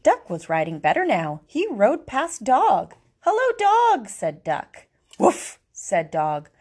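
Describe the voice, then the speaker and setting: A woman reading a picture book aloud, expressive, giving each animal its own voice. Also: fairly low pitch, takes it slowly, slightly rough. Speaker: storybook reader.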